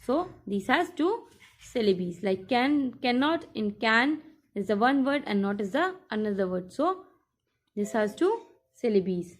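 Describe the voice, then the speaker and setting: A woman teacher talks a class through a workbook lesson, repeating each instruction as she goes. Her voice sits fairly high, and she takes her time over every step. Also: sing-song, unhurried.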